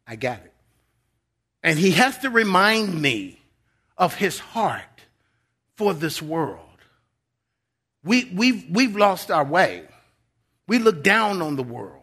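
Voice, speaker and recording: A man's voice: high-pitched, sing-song, slow, long pauses, breathy edge. A man preaching a sermon as a guest pastor, earnest and emphatic, often repeating words as he builds a point. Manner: earnest and emphatic, dropping to a soft voice for quotes.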